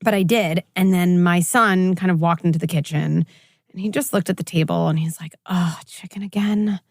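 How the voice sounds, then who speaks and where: A woman clinical psychologist in her forties, talking as a guest in an interview and telling stories with lively quoted voices. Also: on the low side, fairly quick, gravelly, dry recording, clean studio sound. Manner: animated storytelling, acts out quoted voices. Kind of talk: conversational interview.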